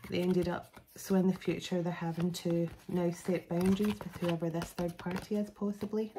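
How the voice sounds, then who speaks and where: A woman with a fairly low voice talks through a tarot reading in a loose, rambling way. She restarts her sentences often and fills pauses with fillers. Faint background hiss sits under her voice. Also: level tone, dark tone, poor audio. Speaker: tarot reader. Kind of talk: casual spoken tarot reading.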